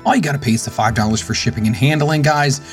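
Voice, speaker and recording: A man's voice: mid-range voice, fast, faint music behind. Mid-voiced male host reading ads. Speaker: podcast host. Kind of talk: casual chat and ad read.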